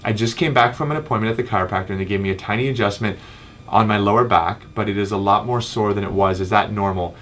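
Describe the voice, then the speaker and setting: A man's voice: on the low side, quick pace, a bit bright, slight background noise. A man in his thirties, a chiropractor hosting a casual live Q&A and answering viewer comments with frequent ums. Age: 30s. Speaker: chiropractor host.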